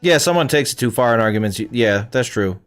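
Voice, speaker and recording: A man's voice: medium pitch, expressive, quick pace, smooth, soft background music. A young man from Canada streaming a game, chatting casually with viewers in a profane, rambling way. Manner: profane, rambling, talks back to chat. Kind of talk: casual livestream chat with viewers.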